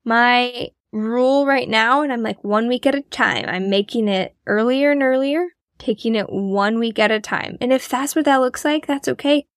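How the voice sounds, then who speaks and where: A woman with a fairly high voice talks to her listeners in a casual, chatty monologue. She is encouraging and pokes fun at herself as she motivates them. The sound is dry and close. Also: normal speed, few pauses, no echo. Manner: encouraging, chatty, self-deprecating. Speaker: podcast host.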